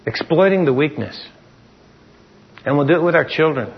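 A middle-aged man preaches in an easy, talky way, asking his listeners question after question. His voice sits a little high for a man and has a husky edge. The recording is dull and lo-fi. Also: animated, normal speed. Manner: conversational preaching with rhetorical questions and acted-out quotes. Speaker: pastor. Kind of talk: sermon.

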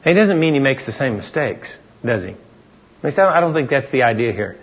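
A middle-aged pastor delivers a conversational sermon in a sing-song, brisk, slightly rough medium-pitched voice. He throws rhetorical questions at his listeners and acts out quotes from people. The sermon recording is dull and lo-fi.

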